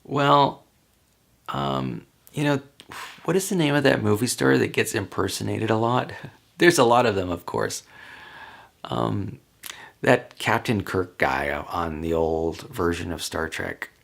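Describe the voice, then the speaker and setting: A man with a low, gravelly voice chats on his own, working through a list of questions. He rambles easily, stopping for ums and small laughs as he thinks out loud. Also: very animated, takes it slowly. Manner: rambling, chatty, with frequent ums and light laughs. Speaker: vlogger. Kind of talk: casual solo talk answering questions.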